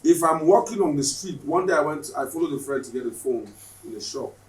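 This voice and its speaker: Animated man telling stories. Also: a little high, a little fast. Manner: animated storyteller, acts out dialogue. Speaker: podcast guest. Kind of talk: casual podcast chat. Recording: roomy, slightly distant, faint ambience.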